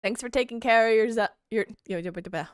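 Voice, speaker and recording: A woman's voice: a little high, fairly quick, smooth, dry recording, studio quality. A young woman streamer chatting casually with her viewers while gaming, reading their messages aloud and swearing freely.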